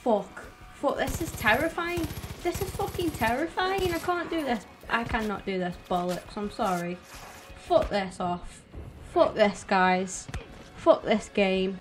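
Slow-talking, exasperated woman gamer. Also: medium pitch, over music. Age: 20s. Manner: frustrated, swears constantly, talks to viewers. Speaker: gaming streamer. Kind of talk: let's-play commentary.

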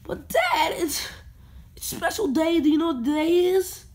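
A woman's voice: extremely high pitch, expressive, moderate pace, a little mellow, pitched above the performer's own voice. A woman voicing a bratty, whiny young boy prince who pesters his dad in a puppet comedy video. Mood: pleading.

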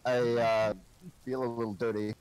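A man's voice: on the low side, little pitch movement, moderate pace, crowd noise, low-quality recording. A man playing a tabletop game, speaking hesitantly with stammers and fillers. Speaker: player. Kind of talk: casual tabletop play.

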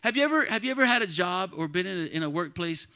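A man preaching a sermon to his church congregation, calling out to the crowd and swinging between quiet talk and loud shouts. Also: sits high, expressive, fast. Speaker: pastor. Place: church sanctuary.

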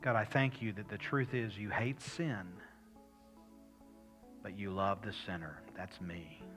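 A man pastor preaching and praying, swinging between loud appeals and soft whispered prayer. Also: fairly low pitch, steady tone, a little slow, soft background music. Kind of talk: sermon and prayer.

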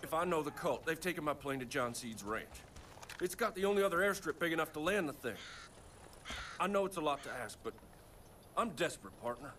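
A man's voice: on the high side, lively intonation, brisk, sharp tone. An actor playing a desperate male bush pilot in a video game, an anxious expecting father who pleads for help and swears under pressure. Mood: pleading.

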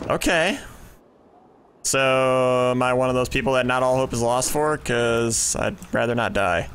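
A young man giving excitable let's play commentary, thinking aloud and exclaiming as he plays at home on a desk mic. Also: medium pitch, a little slow, slight background noise. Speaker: gaming YouTuber.

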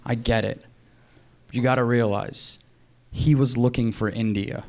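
A man's voice: medium pitch, fairly even intonation, unhurried, darkish tone. Laid-back man doing stand-up. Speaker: stand-up comedian. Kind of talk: stand-up comedy. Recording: live club with audience noise.

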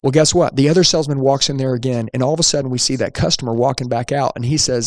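A man who hosts a podcast and works as a sales trainer tells his own story, from when he was a young adult, in an energetic monologue with emphasis and acted-out dialogue. He's older now. His mid-range, darkish voice moves fast, recorded cleanly in a studio with no echo.

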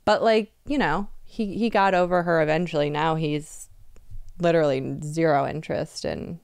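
A woman's voice: deep voice, steady tone, moderate pace, darkish tone, smooth, no room sound, clean studio sound. A woman in her thirties co-hosting a casual podcast, talking candidly and acting out quoted dialogue. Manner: candid, laughing, quotes people in retold dialogue. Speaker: podcast co-host.

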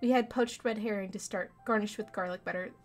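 A woman's voice: medium pitch, a little fast, faint music behind, close to an everyday voice. A woman reading the lines of a polite young French lady in a game, reading them aloud in a plain voice. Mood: prim. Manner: reads game dialogue aloud.

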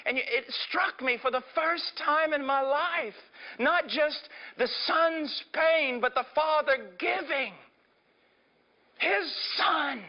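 Middle-aged man, preacher, high-pitched, intense sermon delivery; muffled lo-fi sermon tape. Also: slow pace. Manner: impassioned, swinging from hushed to shouting. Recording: dull lo-fi sermon recording.

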